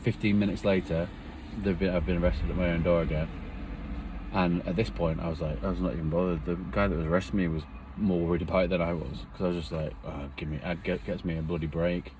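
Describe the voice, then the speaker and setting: A man's voice: low-pitched, little pitch movement, fast. A man recounts a hard chapter of his life. He talks earnestly and rambles, with feeling close to the surface, and a faint hum sits behind him. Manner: earnest, rambling, emotional retelling. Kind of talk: personal storytelling.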